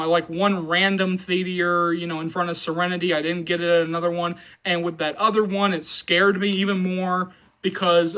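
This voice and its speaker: A man's voice: sits high, sharp tone, poor audio. A man hosting a movie channel, talking casually and rambling, with many fillers and repeated phrases as he reassures fans. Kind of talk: casual commentary vlog.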